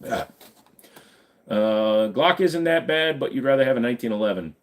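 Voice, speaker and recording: A man hosting a casual live stream and reading out viewer questions. His pitch swings widely as he talks, and he jokes around and slips into silly voices. His voice sits at a middle pitch. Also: lively intonation, a little fast.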